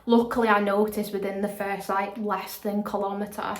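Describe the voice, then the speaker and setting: A woman's voice: mid-range voice, flat delivery, moderate pace, slight background noise. Chatty rambling young woman. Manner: chatty, rambling, repeats herself. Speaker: online fitness coach. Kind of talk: casual vlog chat. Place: at home.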